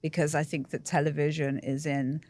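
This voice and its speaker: Low-voiced woman, chatty and candid. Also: flat delivery, normal speed, darkish tone. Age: middle-aged. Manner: chatty, self-deprecating, emotional. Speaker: guest. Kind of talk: candid podcast conversation.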